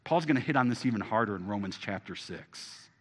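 Emphatic preacher man, bright voice. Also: on the low side, lively intonation, fairly quick. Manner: emphatic, swings from loud to hushed; asks the congregation direct questions. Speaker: pastor. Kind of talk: sermon.

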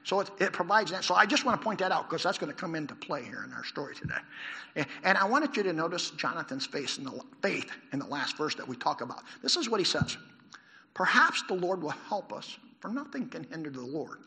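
Animated preacher man, gravelly and bright. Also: on the high side, fast. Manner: animated, asks the congregation questions. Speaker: pastor. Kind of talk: sermon. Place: church hall with a congregation. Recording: long hall reverb.

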